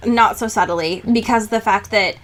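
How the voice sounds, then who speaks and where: A woman co-hosting a podcast, recapping a book in casual chat, animated and sarcastic, with frequent swearing and laughter. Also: mid-range voice, normal speed. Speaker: podcast co-host.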